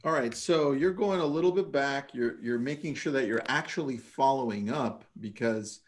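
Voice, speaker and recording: A man's voice: medium pitch, normal speed. A man hosting a casual livestream interview, upbeat and enthusiastic, calling his guest "dude". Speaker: host.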